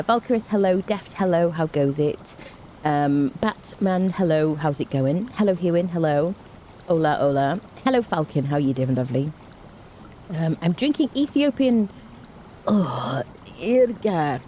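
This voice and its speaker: Young female streamer, low voice, lively and warm-toned, casual self-mocking chat, faint noise. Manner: chatty, self-mocking, greets viewers warmly. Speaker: game streamer.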